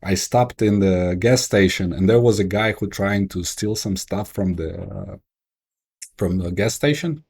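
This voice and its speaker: Dark-voiced Ukrainian-accented man. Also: low voice, gravelly, husky. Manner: animated, halting, many restarts and fillers. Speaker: guest, investor and entrepreneur. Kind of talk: casual interview storytelling.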